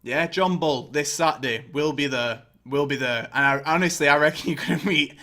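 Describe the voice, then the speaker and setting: Young bloke, angry sarcastic football rant, swears loads, slightly high voice. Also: male voice, normal speed, bright, forceful tone. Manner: sweary, sarcastic, mocking impressions. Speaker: football fan vlogger. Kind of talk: angry ranting commentary.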